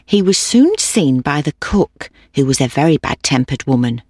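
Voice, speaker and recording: A woman narrating a children's storybook in a gentle, expressive way. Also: rumbling low, normal speed, slightly rough, no room sound, studio quality.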